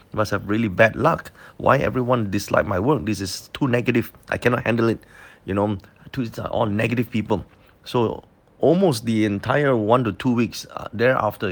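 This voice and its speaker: A man's voice: sits low, gravelly. A man telling a parable-like story informally, rambling with many fillers and restarts.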